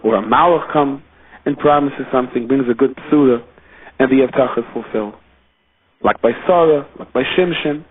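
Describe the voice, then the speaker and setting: A man, a rabbi, giving a Torah lecture in an animated storytelling manner with pitch rising and falling for emphasis. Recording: tinny phone-line audio.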